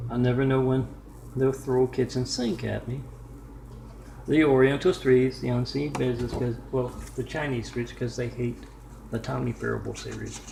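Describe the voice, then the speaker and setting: A man telling a home-made story in a meandering way, full of "uh" pauses and side remarks, recorded in a room at home. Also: mid-range voice, creaky. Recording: echoey room with faint noise.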